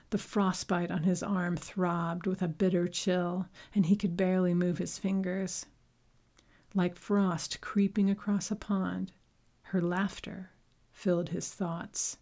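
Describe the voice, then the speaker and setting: Slow, low-voiced woman narrating a story. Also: darkish tone. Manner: measured, unhurried reading. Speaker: audiobook narrator. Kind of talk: scripted narration.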